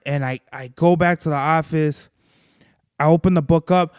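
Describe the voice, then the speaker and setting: A man's voice: on the high side, steady tone, normal speed, darkish tone, smooth, no room sound, studio quality. A man hosting a podcast, telling a long, rambling story in casual, profane chat. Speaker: podcast host.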